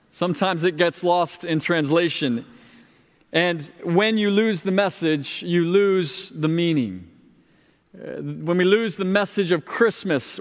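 A man preaching a sermon as pastor, in a conversational, lightly humorous manner. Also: high-pitched. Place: church sanctuary. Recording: long reverb of a large hall.

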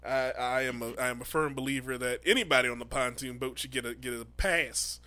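A man hosting a comedy podcast in loose banter, reacting with loud laughs and animated quips. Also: mid-range voice, quick pace, dry recording. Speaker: podcast host. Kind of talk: casual banter.

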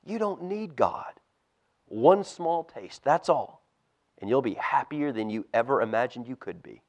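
A man voicing a sly, tempting male serpent in a hushed, coaxing whisper for a church storybook reading. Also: mid-range voice, animated, a little slow, pitched below the performer's own voice.

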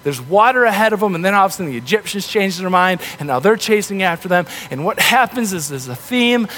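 A man preaching a sermon in a relaxed, conversational way, acting out the voices of the people in the story. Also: sits high, quick pace, slight background noise. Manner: conversational, animated, acts out grumbling voices. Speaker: pastor. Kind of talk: casual sermon.

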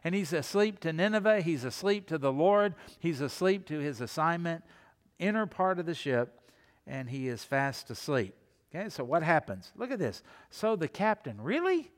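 Male pastor, slightly higher voice, preaching a sermon, repeats lines, sinks to soft low tones for emphasis, long hall reverb. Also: expressive, normal speed.

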